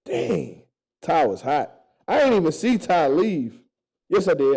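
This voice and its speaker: A man's voice: fairly high pitch, big pitch swings, measured pace, gravelly, darkish tone, slightly rough, poor audio. A man chatting casually to viewers, telling stories loosely with profanity and stumbling restarts, recorded on an action camera strapped to his chest. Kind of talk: casual chat.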